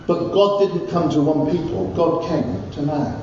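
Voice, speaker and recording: A man's voice: fairly high pitch, expressive, unhurried, warm tone, slight background noise. A male pastor preaching a fervent, repetitive sermon in a church. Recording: echoey church hall from far off, dull.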